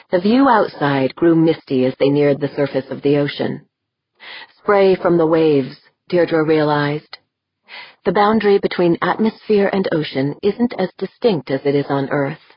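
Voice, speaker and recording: Woman audiobook narrator, measured reading, husky voice, dry, slightly muffled recording. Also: low voice, dry recording. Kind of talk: scripted narration.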